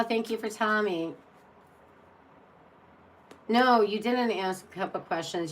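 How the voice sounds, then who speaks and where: A woman's voice: medium pitch, takes it slowly, long pauses, low-quality recording. A woman reading tarot on a live stream and chatting casually, blunt and exasperated, rambling with many restarts.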